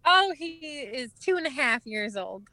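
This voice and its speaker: A woman's voice: high-pitched, very animated, unhurried, bright, forceful tone, no room sound. A woman, a blunt, teasing podcast guest who laughs often, talking over a phone. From rural Wisconsin. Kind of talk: casual podcast chat.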